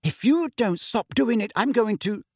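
A man's voice: high-pitched, lively intonation, normal speed, no echo, studio quality, pitched above the performer's own voice. A man voicing a bossy, indignant schoolgirl. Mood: scolding. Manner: sharp, forceful and scolding. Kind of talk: audiobook character voice.

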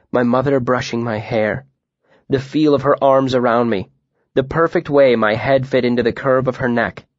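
Quiet, reflective male narrator. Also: mid-range voice, no room sound, highs cut off. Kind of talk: audiobook narration.

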